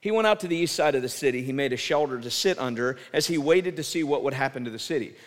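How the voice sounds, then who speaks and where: A man preaching a sermon, mid-pitched, retelling the story with lively animation. He sinks into soft, earnest emphasis when driving a point home. His voice rings out in a hall with a long reverb. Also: quick pace. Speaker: pastor.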